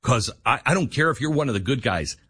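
Male talk radio host, heated and animated delivery, slightly raspy, close dry mic. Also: brisk, no room sound. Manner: heated, rising to near-yelling then dropping low. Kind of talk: impassioned political talk radio monologue.

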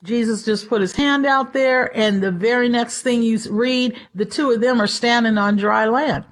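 A woman's voice: on the high side, steady tone, normal speed. A woman giving a conversational Bible teaching, chatty and acting out everyday quotes. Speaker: preacher.

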